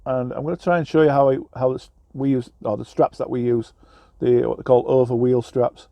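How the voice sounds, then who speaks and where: Rambling English truck driver, mellow voice. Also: male voice, medium pitch, little pitch movement, a little fast, gravelly, dry recording. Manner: rambling, self-deprecating, many fillers and restarts. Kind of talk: casual vlog chat. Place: truck cab, on the road.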